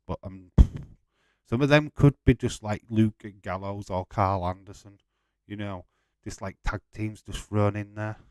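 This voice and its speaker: A man's voice: lowish voice, darkish tone, no echo, studio quality. A man hosting a live football watch-along, chatting casually, swearing and laughing as he goes.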